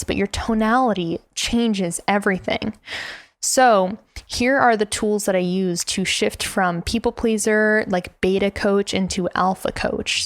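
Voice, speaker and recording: A woman's voice: medium pitch, no echo. A woman hosting a business coaching podcast, talking directly and emphatically and laughing now and then as she teaches. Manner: direct and emphatic, laughs often, demonstrates tone by example. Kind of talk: instructional podcast talk.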